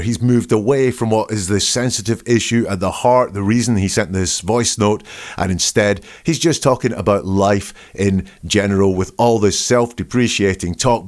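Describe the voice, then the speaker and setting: A man giving analytical commentary, emphatically picking apart quoted phrases one by one. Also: on the low side. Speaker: body language and speech analyst.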